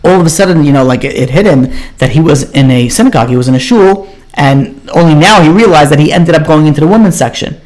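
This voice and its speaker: A man's voice: on the high side, fast, few pauses, a little mellow. A man who is a rabbi, telling a story in a sermon, speaking casually with many fillers like "you know" and "like".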